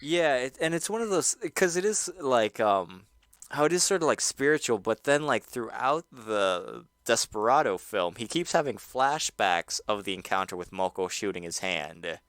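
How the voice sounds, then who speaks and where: A man's voice: mid-range voice, expressive, moderate pace, a bit bright, no room sound, studio quality. A man co-hosting a casual film podcast, rambling in a playful way and laughing easily. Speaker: podcast co-host.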